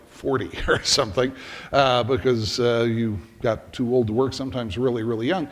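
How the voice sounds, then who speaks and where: A middle-aged man preaching a sermon as a pastor, telling a story in an animated way and acting out the scenes. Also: mid-range voice. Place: church sanctuary. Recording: reverberant church hall.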